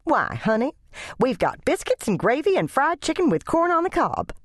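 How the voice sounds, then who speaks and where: A woman's voice: high voice, sing-song, moderate pace, no echo, studio quality, voice pushed up. A woman playing a gushing, sugary church lady. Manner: sugary and effusive. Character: plump, gushing middle-aged church lady, nosy.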